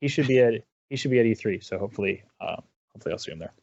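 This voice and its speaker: A man's voice: lowish voice, animated, racing, vocal fry, darkish tone, lo-fi sound. A man chatting casually as an interview guest, rambling with lots of restarts and self-deprecating asides. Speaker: guest caster.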